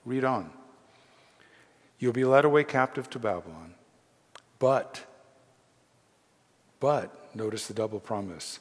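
A man's voice: mid-range voice, animated, a little slow, pauses often, breathy edge, long reverb tail. A man preaching a sermon, reading scripture aloud and pressing its points with earnest, rising emphasis. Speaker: pastor.

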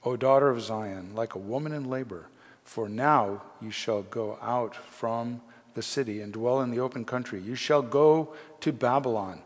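A man's voice: medium pitch, normal speed, big-room sound. A man preaching a sermon, reading scripture aloud and pressing its points with earnest, rising emphasis. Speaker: pastor.

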